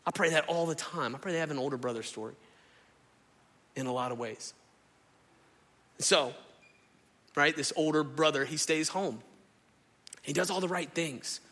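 Pastor, male, bright forceful voice, lively casual preaching, echo of a large hall. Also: a little high, normal speed, pauses often. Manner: animated, conversational, acts out the people he describes. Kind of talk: sermon. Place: church sanctuary. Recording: reverberant hall.

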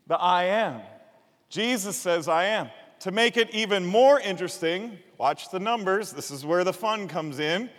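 A man preaching a sermon, teaching from slides in an animated way and getting the congregation to repeat words after him. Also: high-pitched, unhurried, in a large hall. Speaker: pastor.

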